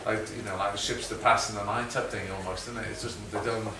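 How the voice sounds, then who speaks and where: A middle-aged man with a Liverpool accent talks through an audience Q&A, rambling and chatty, with frequent laughs and tag questions. He is picked up from a distance in an echoey room. Steady background noise sits under his voice. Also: on the low side, fast. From Liverpool, England. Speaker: guest filmmaker.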